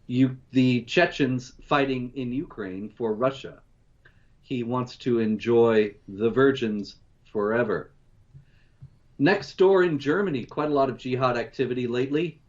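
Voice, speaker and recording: A man co-hosting, running through news stories in a measured, steady way. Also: medium pitch, lo-fi sound. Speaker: co-host. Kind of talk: news rundown commentary.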